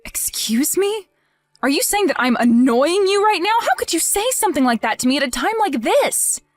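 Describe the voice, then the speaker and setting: A woman's voice: very high-pitched, big pitch swings, moderate pace, dry recording, faint music behind. A woman playing a grieving, pleading young wife. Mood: indignant. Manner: tearful, pleading, rising to indignant. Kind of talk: voiced text-message drama.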